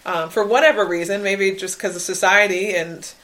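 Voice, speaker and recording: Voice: mid-range voice, fairly even intonation, normal speed, sharp tone, poor audio. Hesitant conversational podcast co-host. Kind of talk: casual theological discussion.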